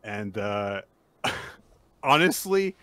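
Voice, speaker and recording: A young man with a bright, forward tone recaps manga chapters in a relaxed podcast chat. His voice sits close and dry on the mic, with no room around it. He laughs often and jumps into excited voices when he quotes characters. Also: lowish voice, very slow, clean tone, dry recording. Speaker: podcast co-host.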